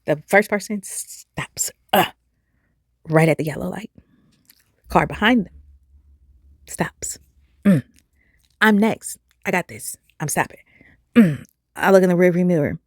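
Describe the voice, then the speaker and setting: A woman, telling a personal story to camera in an animated, expressive way. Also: medium pitch, moderate pace, dry recording, clean studio sound. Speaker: vlogger.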